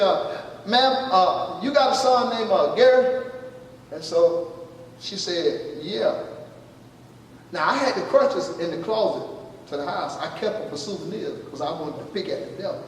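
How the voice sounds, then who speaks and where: At a moderate pace, a pastor whose voice sits high recounts a testimony during a sermon, performing the dialogue and asking the congregation whether they're listening. He's captured from a distance in an echoing hall with a little background noise.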